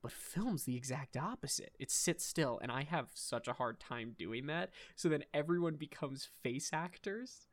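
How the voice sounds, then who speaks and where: A man's voice: fairly high pitch, animated, moderate pace, few pauses. A young adult man hosting a podcast in casual chat, rambling and enthusiastic, swearing casually. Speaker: podcast host.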